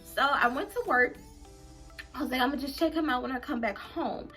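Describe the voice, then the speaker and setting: A young adult woman vlogger telling a story to her viewers in a casual, animated and dramatic way. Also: high voice, a little fast, faint music behind.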